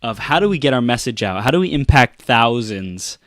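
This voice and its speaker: A man's voice: medium pitch, very animated, a little fast, a bit bright, no echo. Encouraging male podcast host, dry sound. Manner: encouraging, short affirmations. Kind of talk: casual interview chat.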